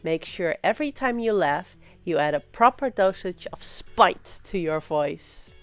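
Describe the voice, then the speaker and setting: A woman hosting a casual livestream, reading aloud slowly and breaking into loud, playful pirate exclamations. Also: fairly low pitch, animated, dry recording, faint music behind. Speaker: livestream host.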